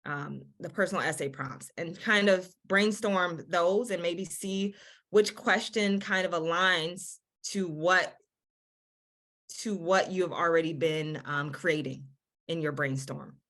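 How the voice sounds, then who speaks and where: This admissions counselor's lowish, slightly bright voice comes through a video-call webinar as she slowly gives students earnest, encouraging guidance. Her advice talk is marked by frequent restarts and repeated words.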